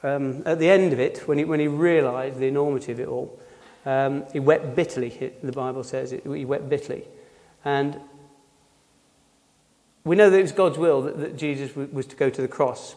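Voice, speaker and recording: A man giving an informal sermon, halting, with many fillers and restarts. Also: medium pitch, a little mellow. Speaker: preacher. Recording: long reverb of a hall.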